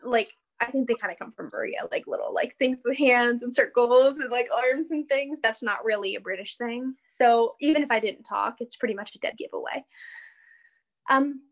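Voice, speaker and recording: A young American woman, a dancer appearing as an interview guest over video call, chats casually, laughing often and filling her speech with "like" and "you know." Her pitch is fairly high and her pace normal.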